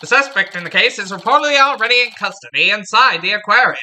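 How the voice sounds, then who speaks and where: A woman's voice: mid-range voice, animated, fast, sharp tone, a little hiss or hum. A woman putting on an old-time 1930s radio announcer voice to read a news bulletin. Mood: announcing.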